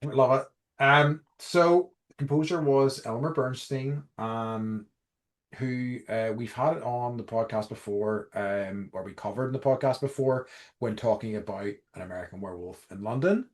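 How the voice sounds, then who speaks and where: A man's voice: mid-range voice, a little slow. A young man from Northern Ireland co-hosting a film podcast in casual chat, rambling with lots of fillers and restarts. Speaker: podcast co-host.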